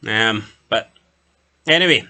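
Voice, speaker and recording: A man's voice: on the low side, lively intonation, slow pace, sharp tone. A man co-hosting a TV review podcast, recapping an episode in casual chat with jokes and asides. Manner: chatty, joking, summarizes plot with asides.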